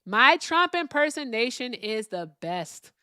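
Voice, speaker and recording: A woman's voice: fairly high pitch, big pitch swings, measured pace, pushed and bright, clear, resonant tone, no echo, studio quality, voice pushed up, heavily acted. A woman doing a half-whispered impression of a boastful, whiny older male politician who keeps repeating "all right?". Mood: boastful, whining.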